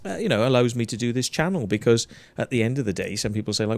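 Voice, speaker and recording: A Welsh man hosting a casual livestream chat, blunt and animated, swearing heavily as he rants. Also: medium pitch, fast. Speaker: show host.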